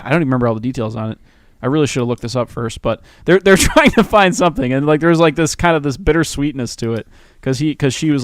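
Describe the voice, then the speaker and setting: A man hosting a casual podcast, rambling through half-remembered details with plenty of fillers and laughs. His voice sits at an ordinary middle pitch. The sound is dry and close to the mic. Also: clear, resonant tone, dry recording. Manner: rambling, self-deprecating, laughs a lot. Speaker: podcast host.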